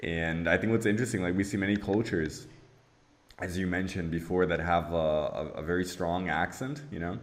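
Brief: very low-voiced guy in his twenties, laid-back chat full of "you know". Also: moderate pace. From Brazil. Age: 20s. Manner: relaxed, peppered with "you know" and "like". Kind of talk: casual chat.

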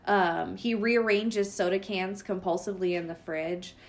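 A woman's voice: medium pitch, steady tone, unhurried. A woman co-hosting a casual podcast, quizzing her co-host on phobias in a chatty, teasing way. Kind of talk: casual chat quiz about phobias.

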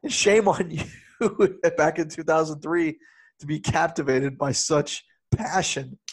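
Animated man laughing through a movie review. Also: a little high, a little slow, breathy edge. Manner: animated, laughs often while talking. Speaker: podcast co-host. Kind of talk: casual movie review chat.

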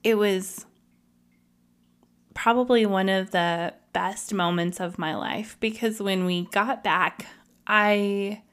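Woman podcast host, casual confessional storytelling, emotional and open, mid pitch. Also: takes it slowly, fairly bright tone, clear, resonant tone.

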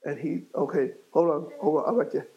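A man preaching a sermon as bishop in a church, working the congregation and rising to shouts. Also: a little high, a little fast, dull audio. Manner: fiery call-and-response preaching, rising to shouts. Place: church sanctuary.

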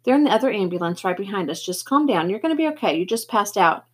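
A woman's voice: mid-range voice, animated, fast, breathy edge. A woman voicing a kindly grown man who reassures an injured boy, read aloud from a novel with a few slips. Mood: reassuring. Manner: gentle, reassuring, occasional slips.

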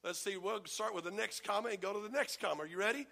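Male preacher, high gravelly voice, animated, calls for amens. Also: fast talker. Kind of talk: sermon with congregation read-along.

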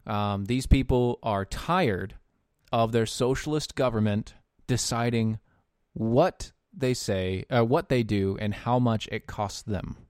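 A man giving opinion commentary, halting often with fillers and dropping into sarcastic muttered asides. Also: mid-range voice, darkish tone, clean tone, no room sound, studio quality. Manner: sarcastic asides muttered under his breath; halting, with frequent fillers and restarts. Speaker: political commentator.

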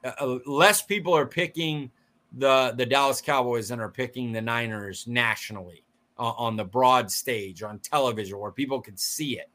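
A man co-hosting a sports podcast, fired up and blunt, mocking pundits in quick bursts. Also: medium pitch, pushed and bright. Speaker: podcast co-host. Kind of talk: casual sports chat.

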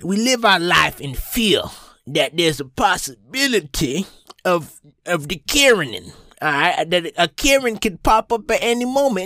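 A young man talks straight into a close mic, telling a story on his own podcast. His pitch swings widely as he jumps into squeaky high bits, and his casual, profane delivery sounds dry and close. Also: fairly bright tone, no room sound. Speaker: podcast host.

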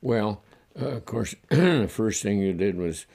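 Gravelly older man, slow halting recollection. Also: fairly low pitch, expressive. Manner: halting, reflective, chuckles softly. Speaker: interviewee recalling his childhood. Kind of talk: oral history interview.

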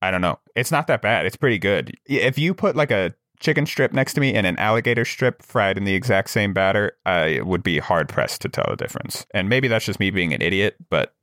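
A man's voice: fairly low pitch, animated, brisk, hardly any pauses, fairly bright tone, no echo, clean studio sound. A man co-hosting a podcast, telling a long story in casual chat with lots of fillers and restarts. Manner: rambling storyteller, many fillers. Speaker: podcast co-host.

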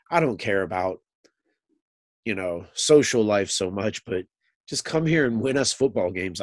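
A man's voice: mid-range voice, dry recording, clean studio sound. A man co-hosting a casual sports talk show, musing and thinking aloud with frequent restarts.

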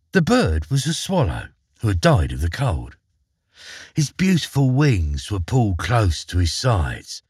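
A man reading a fairy tale aloud in an expressive storybook manner, his husky voice rising and falling with very lively pitch. The recording is dry and close, with no room sound. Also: dry recording.

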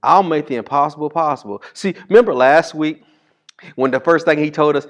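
A male pastor preaching a sermon in a casual, call-and-response style, reading scripture slowly and swinging from loud bursts to hushed asides. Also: on the high side.

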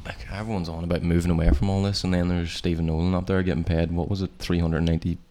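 Flat, deep young Northern Irish man. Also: quick pace. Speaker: podcast co-host. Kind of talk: casual chat.

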